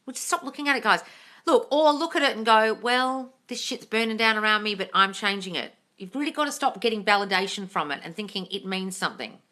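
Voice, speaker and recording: On her live manifesting Q&A stream, a woman with a mid-range voice reads viewers' comments aloud at a fairly quick pace in relaxed chat. Swearing freely, she calls them darling and breaks into effusive bursts of excitement.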